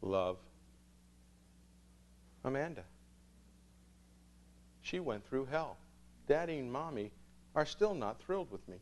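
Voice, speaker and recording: A man, a priest, telling a story to students in an animated way, acting out the dialogue. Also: medium pitch, normal speed.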